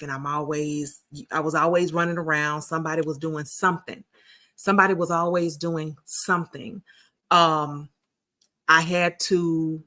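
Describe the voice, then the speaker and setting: Her voice sits low and has a sharp tone. She's a chatty livestream host in her 40s, talking folksily with her audience and calling them sugars and honey.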